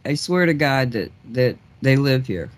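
A woman's voice: very deep voice, lively intonation, unhurried. Woman host, casual storyteller, rambling, many restarts, laughs a lot. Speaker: talk show host.

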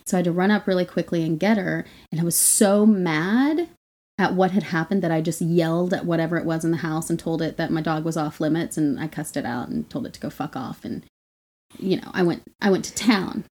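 A woman's voice: on the low side, brisk, a little mellow. A woman co-hosting a podcast, telling stories in casual chat, blunt and profane with frequent laughs. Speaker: podcast co-host.

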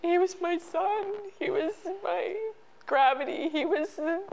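A middle-aged woman telling a personal story as an interview guest, halting and emotional, with many restarts. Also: very high voice, creaky, a little mellow, a little hiss or hum, low-quality recording. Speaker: podcast guest.

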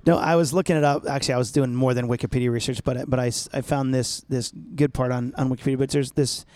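A man's voice: medium pitch, fairly even intonation, fast, a little mellow, no echo. A man co-hosting a ministry podcast in casual, joking chat with his co-host. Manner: jokey, banters with co-host.

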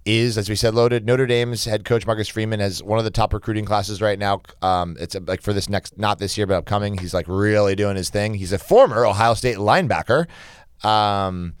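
A man's voice: lowish voice, brisk, smooth, no echo, clean studio sound. A young man co-hosting a casual sports betting podcast, rambling and restarting his sentences as he gives his picks. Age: young adult. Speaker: podcast co-host.

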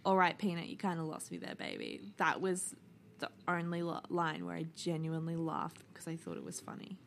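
A young woman, chatting loosely as a podcast co-host. Her voice carries a gravelly fry, and she talks bluntly, swears freely and gets excited easily. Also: low-pitched, fairly quick, slight background noise. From New Zealand. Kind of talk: casual chat.

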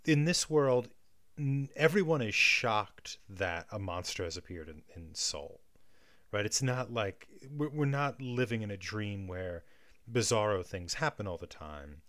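A man with a somewhat low voice talks through his ideas in a relaxed, analytical chat. He restarts his sentences often and keeps checking in with "right?". The sound is dry and close. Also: unhurried, no room sound. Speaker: guest discussing film and theatre.

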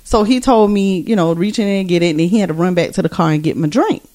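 A woman co-hosting a podcast, telling a story in an animated, casual way with laughter. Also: fairly low pitch, fast talker. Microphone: podcast microphone.

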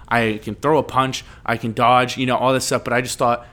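A man telling a story in casual chat, animated and rambling, swearing freely. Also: medium pitch, fairly quick.

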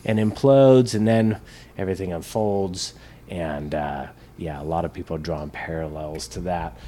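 A man's voice: sits low, moderate pace, warm tone. A man co-hosting a casual beer podcast, talking in a laid-back, rambling way. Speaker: podcast co-host. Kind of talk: casual chat.

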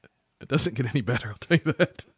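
A man's voice: mid-range voice, expressive, quick pace, breathy edge, no room sound, studio quality. A man co-hosting a casual podcast, blunt and profane in his remarks. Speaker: podcast co-host. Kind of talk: casual chat.

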